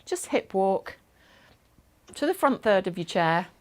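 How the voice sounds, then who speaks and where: A woman instructor leading a gentle chair exercise class over a video call, encouraging and instructive. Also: mid-range voice, big pitch swings, a little slow.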